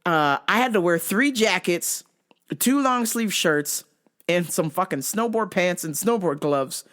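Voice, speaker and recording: A vlog host rants casually and comedically, swearing often as she tells stories in profane, animated fashion. Her voice is fairly low and a little slow.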